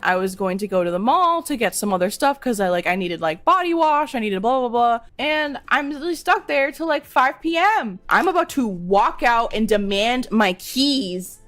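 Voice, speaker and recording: A woman's voice: on the high side, lively intonation, normal speed, few pauses, fairly bright tone. A young woman telling a long story in a casual, rambling way, full of slang, swearing and filler words as a VTuber streamer.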